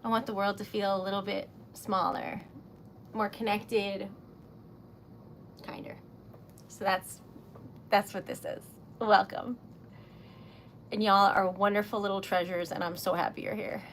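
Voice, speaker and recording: A woman's voice: mid-range voice, level tone, a little slow, pauses often, a little hiss or hum. A woman chatting on a livestream about her small craft business, giggling often and filling her talk with likes and ums. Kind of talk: casual livestream chat.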